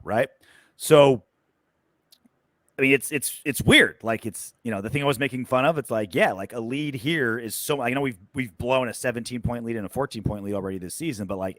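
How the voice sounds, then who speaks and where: A man's voice: mid-range voice, fairly bright tone, no room sound. A man co-hosting a casual sports podcast, loose and sarcastic, with lots of fillers and swearing. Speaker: podcast co-host.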